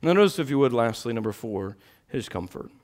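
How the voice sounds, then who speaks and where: A middle-aged man preaches a sermon, swinging from quiet, intimate asides to loud, impassioned peaks. His mid-range voice has a sing-song quality, and he speaks a little fast.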